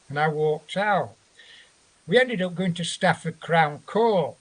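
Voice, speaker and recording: A man's voice: a little high, animated, moderate pace. A man, a guest telling a long story in a rambling, profane way and acting out what others said. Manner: rambling, profane, acts out quotes. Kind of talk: animated storytelling in a chat show.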